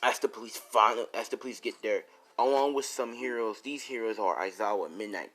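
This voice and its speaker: A man's voice: lowish voice, a little fast, fairly bright tone. A man improvising a fan fiction story, rambling with restarts and casual swearing.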